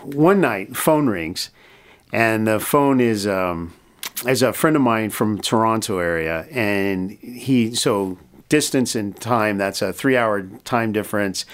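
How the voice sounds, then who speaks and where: Middle-aged American man, mission head, animated storyteller, lowish voice. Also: slow. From United States. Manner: animated storyteller acting out dialogue. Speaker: mission president, guest. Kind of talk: storytelling in a podcast interview.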